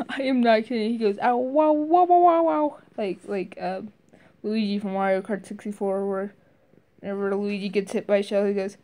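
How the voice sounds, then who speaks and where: A woman's voice: flat delivery, moderate pace, dark tone. A woman casually reviewing a video game, hesitant, with lots of fillers and restarts. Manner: briefly mimics game character lines in higher voices.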